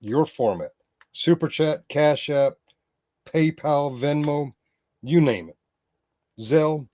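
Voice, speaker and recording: A man's voice: on the high side, takes it slowly, warm tone, no echo. A man doing live-stream commentary, rambling and sarcastic, growing heated, with many restarts.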